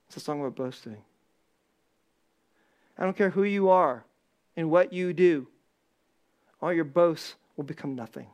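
A middle-aged male pastor preaching to his congregation with restless intensity. He laughs often, sinks into quiet low asides, then climbs into loud, high, lively bursts. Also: normal speed. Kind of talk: sermon.

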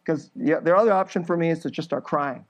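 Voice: mid-range voice, brisk, muffled recording. A preacher giving an emphatic sermon, building through repeated phrases and laughing briefly between points.

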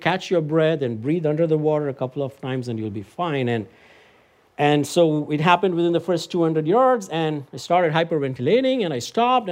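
A man preaching a sermon, telling a personal story and building to emphatic, lively peaks. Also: fairly high pitch. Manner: animated, climbs to emphatic heights when storytelling and preaching.

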